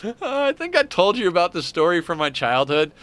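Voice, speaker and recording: A man's voice: sits high, big pitch swings, fairly quick, fairly bright tone, a little hiss or hum. A man streaming a game, chatting casually in a rambling, profane way and laughing often. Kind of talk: casual gaming stream chat.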